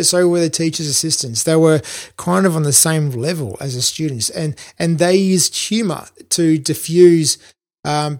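A man telling a personal anecdote in an animated way, acting out the lines he remembers. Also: a little high, vocal fry. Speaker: storyteller recalling school work.

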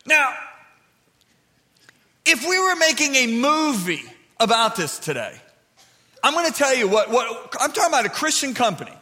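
A man preaching a sermon in a church, animated and building to shouts. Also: very high-pitched, moderate pace, pauses often, big-room sound.

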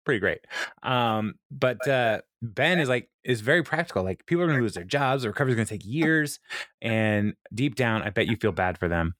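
A man co-hosting a podcast, casually retelling a sitcom episode with lots of fillers and quick laughs. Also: medium pitch, expressive, a bit bright, no echo, studio quality. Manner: retells scenes with quoted lines, many fillers, laughs often. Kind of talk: casual chat.

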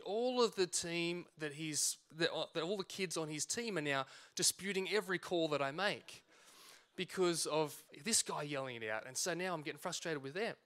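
A man, preaching a sermon and acting out a personal story with lively quoted voices. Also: on the high side, moderate pace. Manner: animated storytelling, acts out shouts and quotes. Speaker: pastor.

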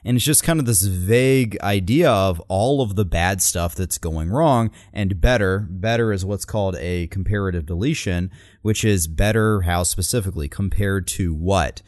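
Male co-host, animated analytical chat, low voice, dry close recording. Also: normal speed, dry recording. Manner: animated, quotes speech lines with emphasis. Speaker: podcast co-host analyzing speeches.

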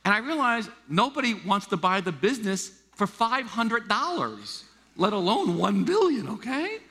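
A middle-aged American man preaching a sermon, animated and acting out the voices he quotes. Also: high-pitched, normal speed, slightly rough. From United States. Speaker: pastor. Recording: long hall reverb.

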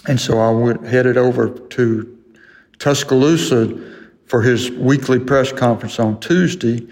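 A man's voice: medium pitch, fairly even intonation, a little slow, a little mellow. An older man telling a sports story as an interview guest, laughing through his own anecdote. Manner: folksy storyteller who laughs through the tale. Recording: long hall reverb.

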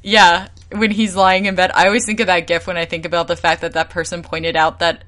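A young woman co-hosting a podcast, telling stories in a casual, animated way and laughing often. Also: on the low side, a little fast, slight background noise. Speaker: podcast co-host. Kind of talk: casual chat.

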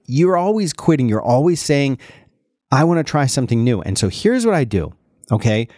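A man hosting a podcast, chatting casually in an animated way and often restarting his sentences. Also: fairly low pitch, no echo, studio quality. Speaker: podcast host.

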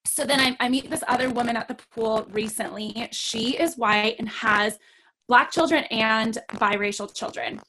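Middle-aged female podcast host, animated casual storyteller, bright higher voice. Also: moderate pace, a little hiss or hum, rough recording. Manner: animated, acts out quoted voices.

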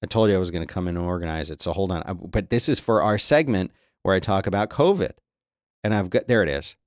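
A man's voice: sits low, expressive, quick pace, no echo, studio quality. A middle-aged man hosting a show, chatting casually about the news and breaking into exasperated rants as he reads articles aloud. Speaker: podcast host.

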